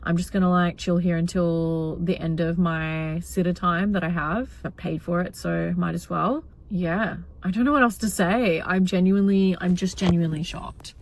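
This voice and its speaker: A woman's voice: lowish voice, fairly even intonation, normal speed, hardly any pauses. A young woman vlogging, venting in an agitated, rambling way with lots of swearing. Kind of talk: casual venting vlog.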